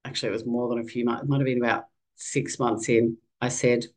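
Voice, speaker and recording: An Australian woman in her fifties, appearing as a podcast guest, tells her own story candidly and with animated, conversational energy. Her voice is very deep and fast, and the recording is low quality.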